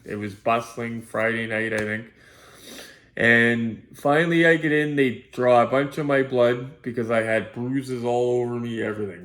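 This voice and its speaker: A middle-aged man from Canada, hosting his channel and telling a personal story casually, acting out each line of dialogue in quick bursts. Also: mid-range voice. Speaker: host.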